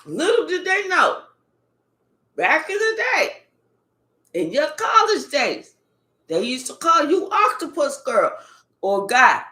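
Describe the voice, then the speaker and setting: High, slow-talking woman tarot reader. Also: reverberant. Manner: animated, profane, emphatic outbursts. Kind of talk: casual live tarot reading.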